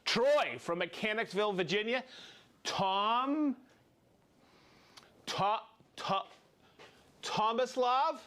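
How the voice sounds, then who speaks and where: A man's voice: high-pitched, pushed and bright, clean tone. A man hosting a live stream, reading out viewers' names and hometowns in an upbeat, playful way. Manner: upbeat, playful, reads names and places quickly. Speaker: host.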